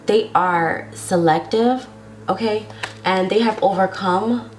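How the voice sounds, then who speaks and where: Slow, chatty woman reading tarot. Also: mid-range voice, darkish tone, a little hiss or hum. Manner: chatty, drawn-out words, frequent "okay?" tags. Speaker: tarot reader. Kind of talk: casual tarot reading to camera.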